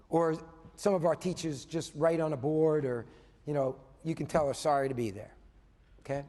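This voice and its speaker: A man giving a motivational keynote as a business coach, animated, swinging between loud emphasis and hushed asides, often tagging points with "okay?". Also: on the high side, moderate pace, a little hiss or hum. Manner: tags points with a questioning "okay?". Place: conference hall before a live audience. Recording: long reverb of a large hall.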